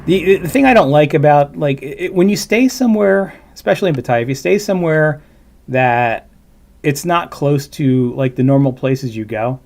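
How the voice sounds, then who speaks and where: A man's voice: fairly high pitch, lively intonation, moderate pace, creaky, darkish tone. Chatty man rambling on a livestream. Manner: rambling, chatty, with fillers and asides. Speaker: livestream host reacting to a video. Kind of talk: casual livestream commentary.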